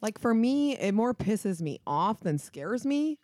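A woman's voice: on the high side, big pitch swings, measured pace, darkish tone, dry recording, clean studio sound. A woman chatting casually in a frank, matter-of-fact way. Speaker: conversation partner. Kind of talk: casual chat.

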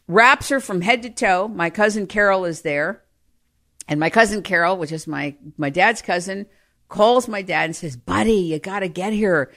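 A woman telling comic family stories in an animated, exaggerated way, often breaking into laughter. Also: medium pitch. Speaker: storyteller. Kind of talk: comic personal storytelling.

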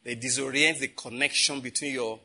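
A man's voice: mid-range voice, steady tone, a little fast, bright, forceful tone. A man preaching a sermon, asking the congregation questions and answering them himself, with emphatic repetition. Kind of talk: sermon teaching.

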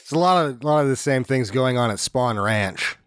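A man trading dry wisecracks about a film in relaxed podcast chat. His voice sits in an everyday middle pitch. The recording is dry and close. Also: a little fast, clear, resonant tone, no echo. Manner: laid-back, dry wisecracks. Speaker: podcast co-host. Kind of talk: casual movie riffing.

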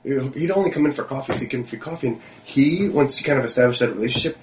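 A man's voice: medium pitch, lively intonation, racing. A man co-hosting a comedy podcast, telling rambling stories with lots of fillers and swearing. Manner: rambling storyteller, swears freely, many fillers. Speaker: podcast co-host. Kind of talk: casual comedic chat.

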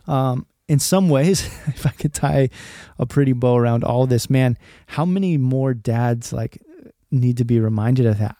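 A man's voice: mid-range voice, dark tone, no room sound, studio quality. A man in his thirties hosting a faith podcast for dads, talking in an earnest, rambling way and dropping "man" often. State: choked up, emotional. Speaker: podcast host. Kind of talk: heartfelt podcast monologue.

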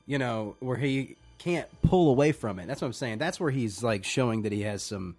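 A man co-hosting a podcast in casual chat, excitable and emphatic, swearing freely. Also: medium pitch, normal speed, soft background music. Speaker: podcast co-host.

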